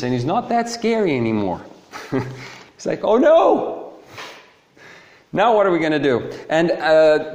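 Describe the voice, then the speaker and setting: Animated man preaching in an echoey room. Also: a little high. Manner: emphatic, animated, keeps checking in with "okay?". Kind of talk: sermon. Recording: roomy echo.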